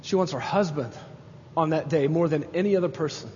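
A man's voice: fairly high pitch, fairly quick, warm tone, a little hiss or hum. A pastor preaching a sermon with emphasis, building to exclamations as he makes his points. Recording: dull sound with long hall reverb.

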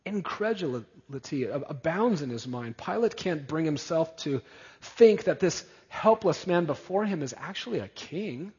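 A man's voice: fairly high pitch, animated, unhurried, a little mellow, slightly rough. A man preaching an expository sermon, emphatic, and building his points through repetition. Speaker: pastor. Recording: dull, echoey church hall.

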